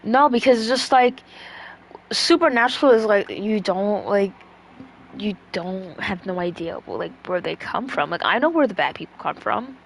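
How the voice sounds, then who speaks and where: A woman's voice: mid-range voice, expressive, normal speed, creaky, slight background noise. A woman chatting casually on a stream, rambling with lots of fillers and swearing freely.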